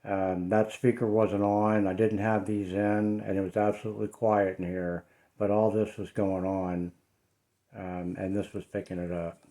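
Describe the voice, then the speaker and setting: Uneasy man with a lowish voice. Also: flat delivery, unhurried, mellow. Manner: hesitant, many fillers, uneasy. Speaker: paranormal vlogger. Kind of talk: casual vlog commentary. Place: his home, indoors.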